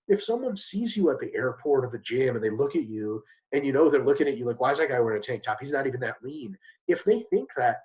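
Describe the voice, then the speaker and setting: Blunt guy with a really lively swooping voice, swears a lot, fast and punchy. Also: low-quality recording. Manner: blunt, emphatic, swears casually; fast with sudden pitch jumps. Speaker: guest expert. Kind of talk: animated interview answers.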